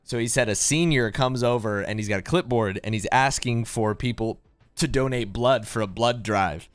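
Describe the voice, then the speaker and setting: A young podcast co-host spins a casual story for his friends, bringing it to life by voicing the people he quotes. His mid-range voice sounds smooth at a normal speed, with no room sound around it.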